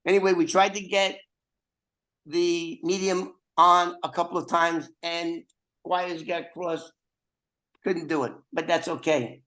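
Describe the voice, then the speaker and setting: Older male podcast host, casual and jokey, wanders off topic, a touch high-pitched, on a video call. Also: steady tone, unhurried, fairly bright tone, low-quality recording. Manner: rambling, joking asides.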